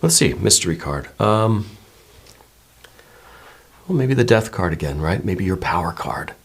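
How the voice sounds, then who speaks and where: Low-voiced man giving a gentle tarot reading. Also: lively intonation, a little slow. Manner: musing and meandering, many hedges and repeated "right?". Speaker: tarot reader. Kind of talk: intuitive tarot reading to viewers.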